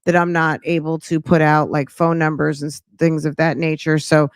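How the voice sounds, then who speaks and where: A woman talks to her audience in a loose, rambling way, full of ums and restarts. Her voice sits low and comes across smooth and clear. The sound is dry and close, with no room around it. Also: flat delivery, normal speed, dry recording. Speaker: commentary channel host. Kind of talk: casual commentary to viewers.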